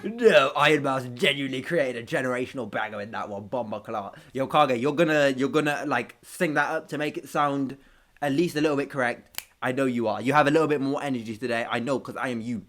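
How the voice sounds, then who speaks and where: A man's voice: medium pitch, fast, a bit bright. A man with street hosting a reaction video, ranting casually with profanity and self-mocking jokes.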